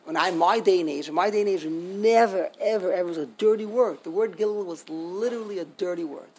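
A man's voice: high voice, a little fast, darkish tone, husky, poor audio. An older man giving an informal Torah class, emphatic and indignant, repeating himself for stress. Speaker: Torah teacher.

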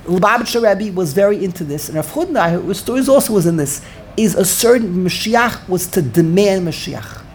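An older man teaching an informal Torah class, animated, repeating words and searching for the right word. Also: high-pitched, moderate pace, slight background noise.

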